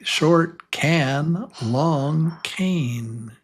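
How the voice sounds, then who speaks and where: A man teaching a beginner English lesson, enthusiastic and repeating words slowly for learners to say along with him. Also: fairly high pitch, slightly rough.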